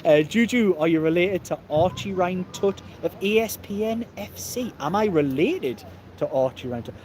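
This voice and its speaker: A man's voice: on the high side, a little mellow, a little hiss or hum. Chatty Geordie man streaming outside. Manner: chatty, jokey, laughs often, reads out viewer comments. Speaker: football channel host reading live comments. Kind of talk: casual live-stream chat.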